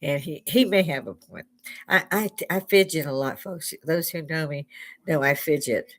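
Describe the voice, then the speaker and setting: Her voice sits low and moves at a moderate pace. She's an older woman from the US running a casual livestream chat from her home bar, rambling and laughing a lot into a headset with a clip-on mic.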